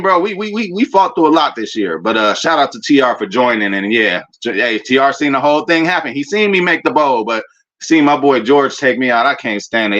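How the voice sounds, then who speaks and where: A man's voice: medium pitch, dull audio. A man on his own show, ranting about his team in loose, profane banter that jumps from gloating to griping. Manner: animated, profane, rambling fan banter. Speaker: sports fan commentator. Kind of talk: casual fan rant.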